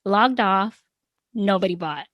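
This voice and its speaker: A woman guest on an interview podcast, telling her story in a lively, casual way. Her voice sits in a middle pitch and is recorded dry, with no room sound. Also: slow, no room sound, muffled recording. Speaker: guest, small business owner.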